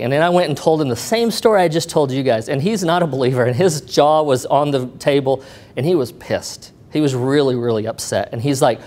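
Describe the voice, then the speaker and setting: A middle-aged man giving a personal testimony to an audience, telling his story in an animated way and acting out what people said to him. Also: medium pitch, brisk. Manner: animated retelling, acting out quoted dialogue.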